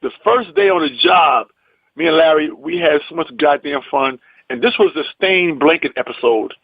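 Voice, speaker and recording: A comedian telling a story in a lively, emphatic way, acting out the people in it. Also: male voice, a little high, normal speed, creaky, no room sound, highs cut off. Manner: lively, emphatic, acts out the people in his stories. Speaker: comedian and actor guest. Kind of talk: animated storytelling.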